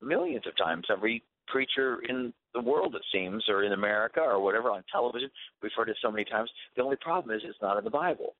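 Brief: male radio guest, somewhat low voice, earnest preaching tone, narrow phone-like sound. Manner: earnest, preachy, repeats words as he restarts. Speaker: guest author on Christian faith. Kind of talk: radio talk show interview.

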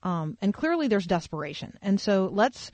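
A woman's voice: medium pitch, sing-song, normal speed, darkish tone, no room sound. A woman hosting a faith talk radio program. She comments on the news in a loose, conversational way, full of filler words and thinking aloud. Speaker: radio talk show host.

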